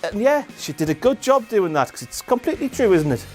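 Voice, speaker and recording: A man's voice: high voice, big pitch swings, fairly quick, a little mellow, faint music behind. A man hosting a comedic wrestling recap, sarcastic and profane, slipping into silly voices. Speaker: host.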